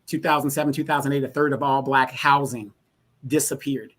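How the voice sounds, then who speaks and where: A man's voice: mid-range voice, fairly even intonation, fairly quick, a bit bright. A man co-hosting a casual discussion, explaining points at length with frequent restarts.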